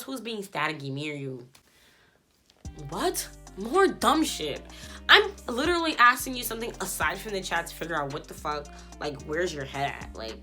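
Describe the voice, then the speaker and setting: Woman vlogger, storytime rant; bright tone, blunt and profane, voices both sides of the argument. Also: sits low. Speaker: YouTube host and stylist.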